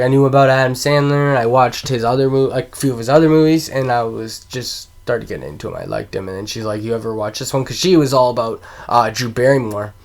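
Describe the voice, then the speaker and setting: A man's voice: medium pitch, darkish tone. Casual male vlogger, chatty and profane, laughs a lot, forgets names mid-thought, mid-range voice. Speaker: movie review vlogger. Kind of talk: casual, rambling movie countdown.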